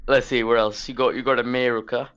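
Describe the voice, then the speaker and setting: A man's voice: mid-range voice, level tone, fast, a bit bright, clear, resonant tone, highs cut off. A man, a guest on a podcast, bantering crudely over an online call. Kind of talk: casual podcast chat. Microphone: online call connection.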